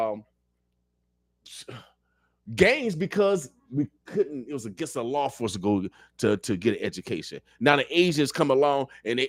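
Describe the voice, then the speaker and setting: A man's voice: a little high, dry recording, clean studio sound. A man speaking as a radio show guest, talking politics in a fiery, preacher-like way and repeating phrases for emphasis. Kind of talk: impassioned political talk. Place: radio studio.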